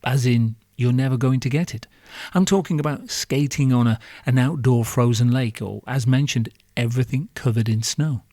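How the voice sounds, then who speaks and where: A man hosting a podcast, ranting in a sarcastic, sweary comic monologue full of rhetorical questions. His mid-pitched voice is recorded close and dry, with no room sound. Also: normal speed, dark tone, no echo. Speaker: podcast host.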